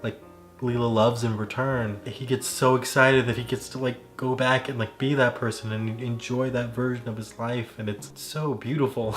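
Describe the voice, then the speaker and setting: A man's voice: medium pitch, steady tone, a little fast, a bit bright, soft background music. A man mixing cocktails at home, chatting casually and rambling into tangents with lots of "like" fillers. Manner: rambling, heavy on "like" fillers, digressive. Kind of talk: casual chat while mixing drinks.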